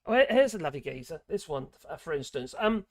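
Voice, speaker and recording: A man's voice: fairly high pitch, big pitch swings, quick pace, no room sound, studio quality. A man hosting a casual livestream, rambling and sardonic, with wry laughs. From England. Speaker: livestream host.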